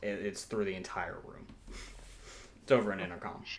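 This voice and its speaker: A man's voice: deep voice, steady tone, moderate pace, echoey room. A man running a tabletop game as game master, narrating scenes and laughing often.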